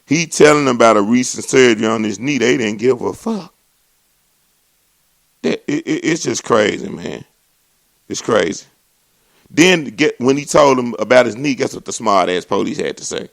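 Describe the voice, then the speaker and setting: Gravelly man ranting. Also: normal speed, no room sound. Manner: animated, swings into mocking voices and high exclamations. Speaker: comedy show host. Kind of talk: profane comedic rant.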